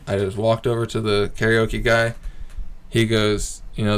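A man's voice: on the low side, moderate pace, clear, resonant tone. A man telling a bar story in a casual, rambling way. He swears often, fills his talk with "you know" and "like", and laughs as he goes. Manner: profane and rambling, full of fillers; animated, laughing while he recounts. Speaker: amateur stand-up comic.

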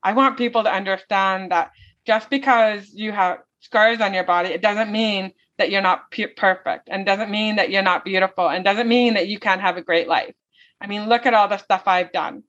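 A woman's voice: mid-range voice, steady tone, normal speed, fairly bright tone. A woman speaking as an interview guest, telling her story in an earnest, heartfelt way. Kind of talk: interview conversation. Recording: dull lo-fi audio.

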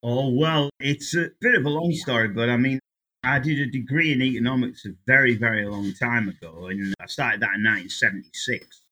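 An English man in his sixties speaks with a strikingly bright, sharp tone. He is a guest economist in a relaxed interview, chatty and full of anecdotes. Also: mid-range voice, a little fast. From England. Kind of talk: casual interview chat.

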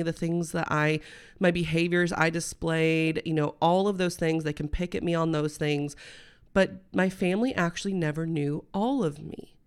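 A woman, hosting a personal storytelling podcast in a chatty, rambling, candid way. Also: fairly low pitch. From Midwestern United States. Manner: chatty and rambling, full of "um" and "like", laughing mid-sentence; candid and heartfelt, turning emotional. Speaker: podcast host.

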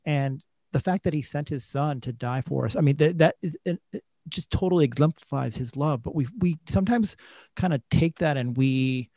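A man's voice: on the high side, moderate pace, mellow, dry recording. A man co-hosting a faith talk show, emphatic and exclaiming often. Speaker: podcast co-host. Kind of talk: casual Christian talk.

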